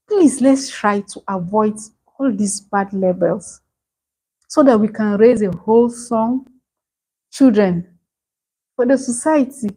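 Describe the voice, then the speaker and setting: A woman's voice: on the high side, darkish tone, poor audio. A middle-aged woman teaching a parenting masterclass, earnest and pleading, often repeating her key points. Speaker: parenting coach.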